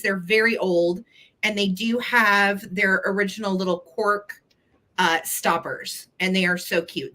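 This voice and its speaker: A woman's voice: medium pitch, pushed and bright, rough recording. A woman hosting a vintage live sale, chatting playfully as she describes small collectibles. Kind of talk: casual live sale chat.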